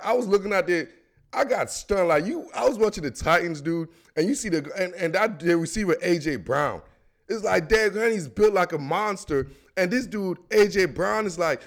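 Excitable high-voiced man riffing on football. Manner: animated, slangy, excitable. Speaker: sports podcast host. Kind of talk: casual sports commentary.

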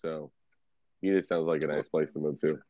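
A man's voice: rumbling low, steady tone, fairly quick, warm tone, dull audio, a little hiss or hum. A man streaming in a casual video chat, laid-back and teasing, swearing freely. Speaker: streamer and tarot card reader.

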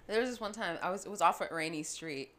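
Woman, low voice, casual co-host, swears freely, animated storyteller. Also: fast. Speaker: podcast co-host.

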